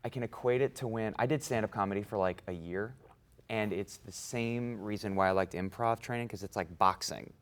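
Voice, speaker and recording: Give me an animated man in his twenties, a guest actor, with a fairly low voice. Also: a little fast. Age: 20s. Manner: animated, laughing storyteller. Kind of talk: casual interview chat.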